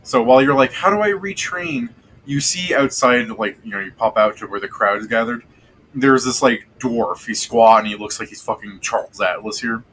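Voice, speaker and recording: A man's voice: fairly low pitch, moderate pace, fairly bright tone, slight background noise, poor audio. A man narrating as game master, casual and rambling, swearing freely. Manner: rambling, profane and loose.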